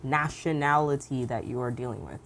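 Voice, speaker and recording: A woman co-hosting a podcast and arguing her points directly. Her voice is very low for a woman. A faint noise runs underneath her speech. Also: fairly quick, gravelly. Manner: direct, argumentative, asks pointed questions. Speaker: podcast co-host. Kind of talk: casual chat.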